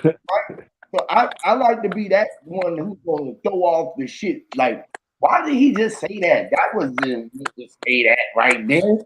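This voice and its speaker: A man telling stories in casual chat, animated and slangy, acting out the voices in his stories. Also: on the high side, measured pace, slight background noise, low-quality recording.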